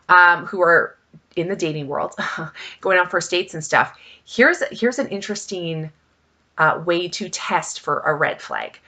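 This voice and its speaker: A woman's voice: medium pitch, sharp tone. A woman talking casually in a vlog, telling stories in a chatty way with lots of fillers and emphatic asides. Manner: chatty storytelling, many fillers. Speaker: vlogger.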